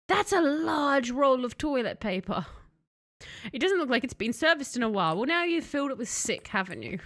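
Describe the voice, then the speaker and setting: In a high, slightly bright voice, a young woman streams a let's-play, chatting sarcastically with her viewers and directly to the game's hero.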